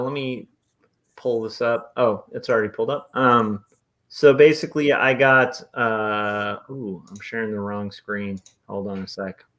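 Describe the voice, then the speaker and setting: A man's voice: mid-range voice, a bit bright. Upbeat man in casual podcast chat. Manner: upbeat, thinking aloud with fillers. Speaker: podcast co-host and artist.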